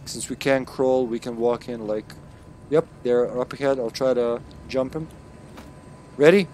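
A man's voice: medium pitch, steady tone, a little slow, dark tone, a little hiss or hum. A man with a Russian accent streaming a co-op video game, chatting casually and cracking jokes with his teammate. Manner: joking, playful banter. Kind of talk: casual co-op gaming chat.

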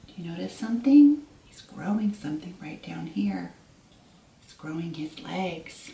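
A woman teacher reading a picture book aloud to children, pausing to ask them gentle questions. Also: fairly low pitch, big pitch swings. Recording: echoey room, far from mic.

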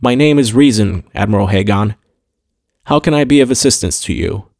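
A man voicing a calm, polite male base computer AI in an audiobook, speaking formally. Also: lowish voice, creaky, no echo, studio quality. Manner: courteous, formal, measured. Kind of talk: audiobook character voice.

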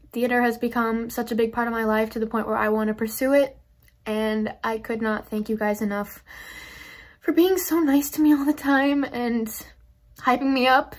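A young woman in her late teens, a graduating theater student, giving a teary, halting farewell vlog message while fighting back tears. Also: on the high side.

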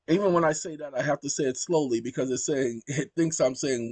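Animated man dictating to his computer, dry sound. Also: mid-range voice, fairly quick, few pauses, breathy edge, no room sound. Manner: animated, dictating commands aloud to a voice assistant. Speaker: channel host. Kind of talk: casual screen-share commentary.

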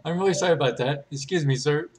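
A man's voice: fairly high pitch, fast talker, noisy background, close to an everyday voice. A man reads as a mild-mannered deliveryman, courteous and a bit awkward. It stays close to his own everyday voice. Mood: apologetic.

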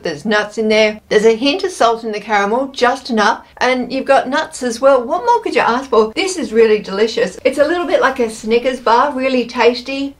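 A young woman chatting casually in a taste-test vlog, bubbly and gushing, breaking into excited squeals. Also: fairly high pitch. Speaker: food taste-test vlogger.

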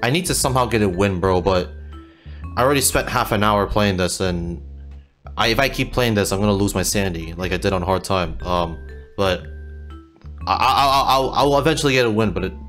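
A man's voice: fairly low pitch, a little fast, a bit bright. A man giving let's play commentary while gaming, frustrated, swearing and repeating himself, with game music behind. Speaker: gamer.

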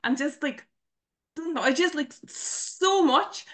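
A woman in her forties with a somewhat high voice talks over a video call. She tells a personal story in an earnest, raw way, halting often and leaning on "you know, like" fillers. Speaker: participant asking in a live Q&A.

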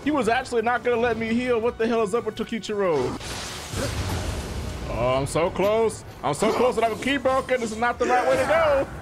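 A man giving excitable, slangy commentary while playing a video game, yelling and calling everyone bro. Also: very high-pitched, fairly quick. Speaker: gaming streamer. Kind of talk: gameplay commentary. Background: game music.

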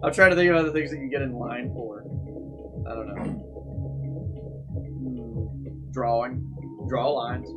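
A man's voice: medium pitch, steady tone, measured pace, long pauses, dull audio, over loud music. A man hosting a casual let's play, joking, laughing often and reading game lines aloud. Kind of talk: casual gameplay commentary.

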